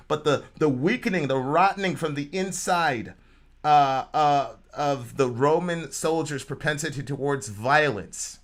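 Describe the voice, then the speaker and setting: A man's voice: mid-range voice, a bit bright. A man co-hosting a livestream talk show, preaching animatedly and acting out quoted voices. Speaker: show co-host.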